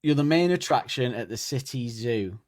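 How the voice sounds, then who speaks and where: A man's voice: medium pitch, lively intonation, moderate pace, no echo, studio quality. A British man co-hosting a podcast, chatting casually and mockingly, often acting out other people's voices and swearing. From Britain. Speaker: podcast co-host. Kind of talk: casual comedic chat.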